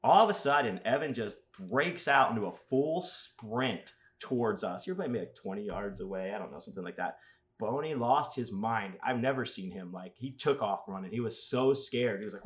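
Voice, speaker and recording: Rambling low-voiced man telling stories. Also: moderate pace. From Las Vegas. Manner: rambling storyteller, animated asides, crude jokes. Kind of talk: casual chat.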